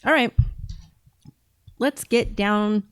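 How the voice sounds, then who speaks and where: A woman's voice: mid-range voice, extremely slow, clear, resonant tone, no room sound. A woman hosting a casual commentary show, reacting to video clips in a chatty, emphatic way. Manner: chatty, emphatic, talks with her mouth full at times.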